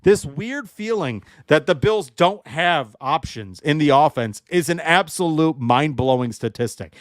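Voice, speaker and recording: A man's voice: on the high side, expressive, unhurried, hardly any pauses, dry recording, clean studio sound. A young adult man hosting a livestream football show, emotionally charged and ranting while joking with his chat. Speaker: sports show host.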